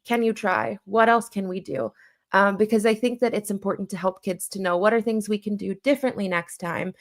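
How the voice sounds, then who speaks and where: A woman guest speaks casually in an interview, her talk full of "like" and restarts. She acts out little quoted exchanges in a livelier voice. Her pitch sits in a typical middle range. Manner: chatty, heavy use of "like" and self-corrections; plays out little dialogue bits in a raised voice. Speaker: guest who counsels children and parents.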